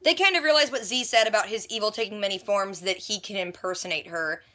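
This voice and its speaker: A woman vlogger recapping a TV episode in a chatty, animated way, exclaiming in disbelief at the twists. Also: medium pitch, quick pace. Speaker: TV reaction vlogger.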